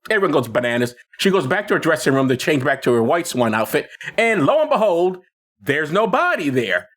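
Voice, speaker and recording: A man co-hosting a podcast, retelling a film in casual chat with lots of restarts and laughs. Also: a little high. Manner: animated, halting retelling with many restarts and laughs. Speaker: podcast co-host.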